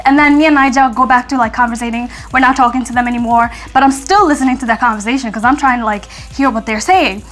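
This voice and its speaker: A woman's voice: high-pitched, fast talker, few pauses, faint music behind. A young American woman telling a story in a casual vlog, chatty and acting out what people said. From United States. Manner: chatty, acts out quotes in lively voices, frequent fillers. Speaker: vlogger.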